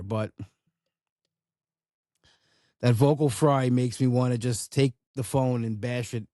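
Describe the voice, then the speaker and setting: A man's voice: medium pitch, mellow, no room sound, studio quality. A man hosting a solo podcast, ranting in a blunt, casual way and swearing freely. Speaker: podcast host.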